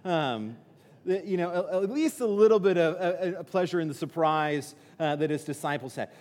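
A man's voice: fairly high pitch, animated, moderate pace, darkish tone. A man preaching a sermon as pastor, in a conversational way, often restarting and acting out quotes. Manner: conversational, repeats words and restarts, acts out quotes. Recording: long reverb of a hall.

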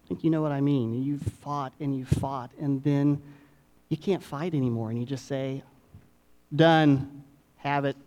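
A middle-aged man preaching a sermon, dropping to hushed asides and rising to emphatic peaks with dramatic pauses. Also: mid-range voice, fairly even intonation, highs cut off. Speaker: pastor.

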